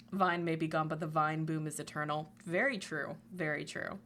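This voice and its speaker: A woman livestreamer with a slightly bright voice chats casually, talking a lot, laughing often and swearing freely. She quotes memes in a squeaky voice, and there's a little hiss or hum in the audio.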